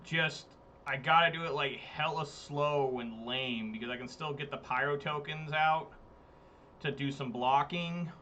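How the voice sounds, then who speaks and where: Bright-voiced man swearing through game commentary. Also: on the high side, unhurried, a little hiss or hum. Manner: exasperated, swearing, talks to chat. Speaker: streamer playing a card game. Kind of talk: casual gameplay commentary. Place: home room, hot day.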